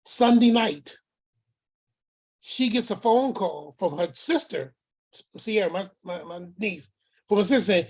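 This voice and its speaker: A man's voice: sits high, a little slow, pauses often, darkish tone, husky. A man telling a family story as the uncle in it, acting out each person's words and repeating phrases for emphasis. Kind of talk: storytelling talk.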